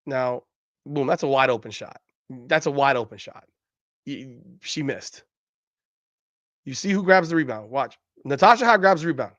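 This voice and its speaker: A man's voice: medium pitch, expressive, moderate pace, pauses often, a bit bright, no room sound, highs cut off. A man hosting a podcast, giving heated, profane sports commentary over game footage and repeating himself in disbelief. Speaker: podcast host.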